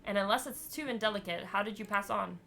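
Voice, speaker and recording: A woman's voice: medium pitch, quick pace, gravelly, sharp tone, faint music behind. A woman reading the lines of a formal, flowery male ghost, a genteel old-fashioned writer. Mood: polite.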